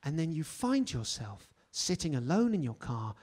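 A British man in his forties performing a stand-up comedy set, telling stories with sudden loud outbursts. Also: on the high side, very animated, normal speed. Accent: British English. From England. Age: 40s. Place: comedy stage before a live audience.

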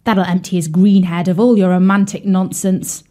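A woman's voice: on the low side, little pitch movement, normal speed, warm tone, close to an everyday voice. A woman voicing a grumpy, rude male carp in a children's storybook, who talks in a snappish, scornful way.

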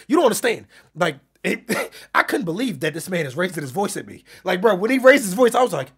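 A fast-talking man with a gravelly, husky voice tells a heated story in casual chat. His pitch leaps up and down as he drops from quiet recounting into loud, shouting bursts. He sits on the higher side for a man. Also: big pitch swings. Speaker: streamer being interviewed.

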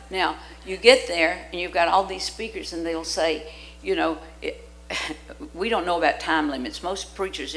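A woman's voice: low-pitched, fairly bright tone, poor audio. An older woman preaching in church, telling stories with lots of energy, acting out the voices she quotes and laughing often. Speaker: guest preacher. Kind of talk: sermon with storytelling. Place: church sanctuary.

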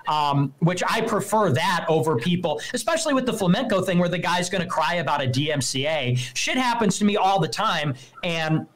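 A man's voice: high-pitched, animated, normal speed, hardly any pauses, fairly bright tone, low-quality recording. Man ranting dismissively on a livestream. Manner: dismissive rant, mimics opponents in mocking voices. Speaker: livestream host.

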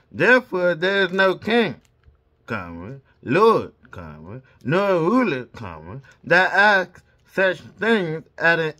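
A man reads scripture aloud at an unhurried pace, saying each comma and period out loud. His voice sits a little high and bright, and it rises and falls widely. Between verses he slips into casual, chatty asides. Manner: reads punctuation marks aloud. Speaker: Bible reader. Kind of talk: reading scripture aloud with commentary.

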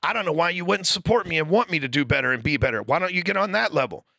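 A man with a high, gravelly voice tells rowdy stories on a podcast, swearing freely and acting out what others said to him. His tone is bright and cutting, and the close mic sounds dry. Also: expressive, rapid-fire, no room sound. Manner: profane, loud storytelling with acted-out quotes. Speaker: podcast host. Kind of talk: casual podcast chat.

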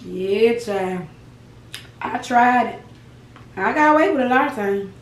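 A woman's voice: fairly high pitch, expressive, unhurried, reverberant, far from the mic, slight background noise, low-quality recording. A young woman vlogging to camera while eating, chatting to viewers in a folksy, laughing way with asides like "child" and "baby". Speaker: mukbang vlogger.

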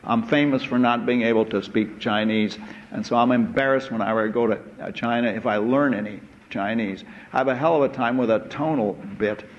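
A man giving a university lecture in a hall, unhurried and full of "uh" hesitations and asides. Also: medium pitch. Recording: dull lo-fi lecture recording with faint noise.

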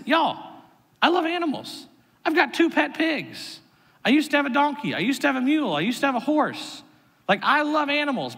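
A man in his thirties, a pastor preaching a sermon with animated storytelling and sudden jumps in pitch, heard in a church sanctuary. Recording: long reverb of a large hall.

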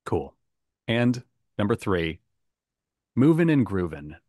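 A man's voice: fairly low pitch, very animated, slow, a little mellow, no echo, clean studio sound. A man hosting a casual podcast quiz game, upbeat and chatty, who laughs often. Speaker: game show host.

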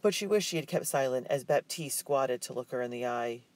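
A man narrating a children's novel chapter in a measured, even storytelling manner. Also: mid-range voice, no room sound. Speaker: audiobook narrator. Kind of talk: scripted audiobook narration.

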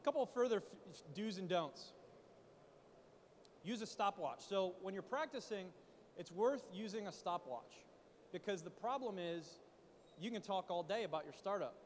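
A man speaking at a conference, coaching founders on pitching in an animated way, full of rhetorical questions. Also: normal speed, in a large hall, a little hiss or hum. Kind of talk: startup pitch talk. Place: conference stage in a large hall. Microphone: handheld mic.

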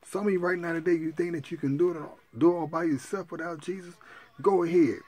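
A man's voice: fairly high pitch, fairly even intonation, fast, darkish tone. A male preacher, praying fervently and calling out to his sisters and brothers in a sermon. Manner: fervent preaching, repetitive cries to Jesus; addresses listeners as sisters and brothers. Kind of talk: sermon and spoken prayer.

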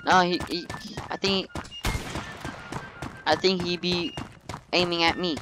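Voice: mid-range voice, flat delivery, a little slow, long pauses, poor audio. A gamer giving casual let's-play commentary on a desk mic, playful and over-dramatic, talking himself through each fight by repeating words. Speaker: gamer playing online. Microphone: own desk mic, sometimes bumped. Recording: loud game music behind the voice. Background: loud game music.

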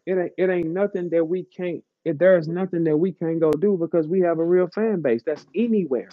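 A man rants bluntly and profanely at his listeners in a live audio chat. His voice sits a little high. The sound is dry and dull, like a lo-fi online audio stream. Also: fairly quick, no echo. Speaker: host of an audio chat room.

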